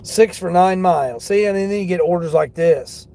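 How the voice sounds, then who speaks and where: A man's voice: high voice, moderate pace, vocal fry, warm tone, a little hiss or hum. A man vlogging from his car on delivery runs, talking in an earnest, rambling, motivational way. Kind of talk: casual talk while driving.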